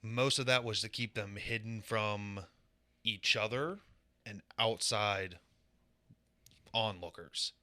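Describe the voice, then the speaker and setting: Male co-host, low pitch, bright edge, dry mic, deadpan explainer. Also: slow, long pauses, no room sound. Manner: dry, explanatory, with crude asides. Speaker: podcast co-host presenting a conspiracy segment. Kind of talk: casual podcast chat.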